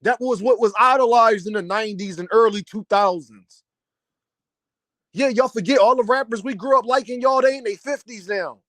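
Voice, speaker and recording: Young male commentator, heated and preachy, higher-pitched voice, dry close recording. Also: normal speed, fairly bright tone, no echo. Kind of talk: opinion rant to camera.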